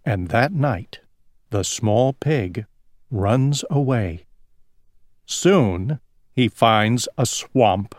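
Man, storyteller, children's story read-aloud, very slow, lively pitch, dry recording. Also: no echo. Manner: slow, lively, drawn-out reading. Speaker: storyteller for English learners.

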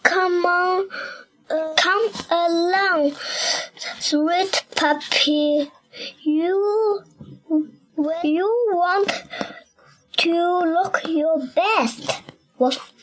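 A little girl reading a picture book aloud in English, slowly and carefully, with a few restarts, barking the dog's woofs in a lower voice. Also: fairly bright tone, low-quality recording. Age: child. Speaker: young reader.

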